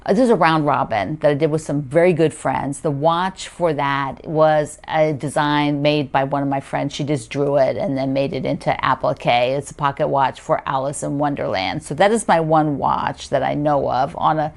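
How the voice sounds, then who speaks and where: A middle-aged woman with a low-pitched voice hosts a quilting show, chatting casually to her viewers while unboxing. She gushes and gasps with delight and thinks out loud as she goes. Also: fairly even intonation, moderate pace, creaky, hardly any pauses. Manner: gushing, gasping with delight, thinking aloud.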